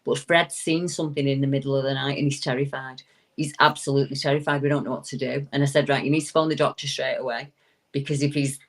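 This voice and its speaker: An animated woman, a guest paranormal investigator on a talk show, casually tells a story. She swoops into high voices for quotes and restarts frequently.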